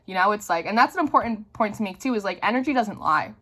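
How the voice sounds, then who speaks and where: A young woman talking casually to her viewers as a tarot reader, animated and blunt, swearing often and dropping lots of "like" fillers. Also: mid-range voice, fast, hardly any pauses. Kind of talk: casual spiritual talk to camera.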